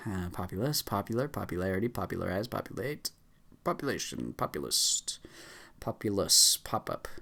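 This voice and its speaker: A man reading a long list of words aloud as fast as he can, stumbling now and then with fillers and restarts. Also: deep voice, very animated, gravelly, sharp tone. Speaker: YouTuber. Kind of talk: rapid word-list reading.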